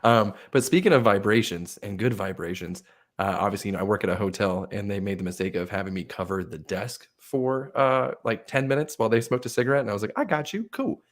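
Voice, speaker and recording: A man's voice: fairly low pitch, fast. A man co-hosting a comedy podcast, swearing freely and acting out the voices in his stories. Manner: animated storyteller, acts out voices in anecdotes. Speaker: podcast co-host. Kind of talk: crude comedic banter.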